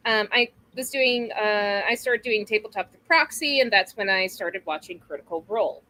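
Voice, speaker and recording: A woman's voice: mid-range voice, normal speed, sharp tone, a little hiss or hum, rough recording. A woman in her mid-thirties talking casually as an interview guest, rambling, laughing often and swearing freely. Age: 30s. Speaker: guest streamer.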